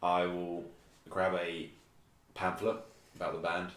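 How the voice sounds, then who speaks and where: A man's voice: low voice, completely flat delivery, takes it slowly, a bit bright, far from the mic. A man playing a tabletop game, rambling and fussing in character as a band's manager. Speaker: player. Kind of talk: in-character tabletop role-play. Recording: echoey room, faint noise.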